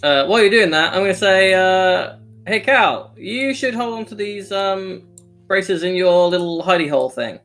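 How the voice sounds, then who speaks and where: A man's voice: high voice, lively intonation, moderate pace, a bit bright, soft background music. A man playing a tabletop game, talking in character with a hesitant, hedging manner. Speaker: player.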